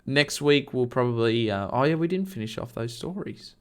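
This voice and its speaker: A man's voice: mid-range voice, animated, normal speed, smooth. A man co-hosting a podcast, chatting casually and telling work stories bluntly, with some swearing. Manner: blunt, storytelling, swears freely. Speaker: podcast co-host. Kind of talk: casual chat.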